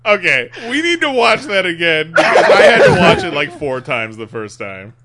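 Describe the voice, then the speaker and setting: A man co-hosting a podcast, chatting casually and laughing through excitable reactions. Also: sits high, moderate pace, very noisy. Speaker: podcast co-host. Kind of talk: casual chat.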